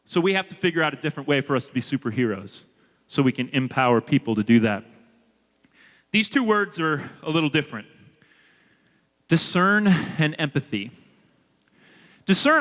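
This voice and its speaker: A man with a high, sharp, bright voice delivers an energetic leadership talk to a room of students. He talks to the audience directly and works them up. The sound carries a long reverberation from a big hall. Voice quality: energetic, animated and audience-engaging. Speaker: leadership speaker.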